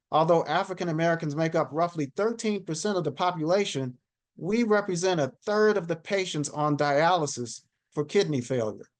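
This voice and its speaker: A man in his sixties presents over a video call, reading figures off his slides in a steady, measured way. His voice sits a little higher than most men's. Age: 60s. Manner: measured, reads statistics from slides. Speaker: panel speaker.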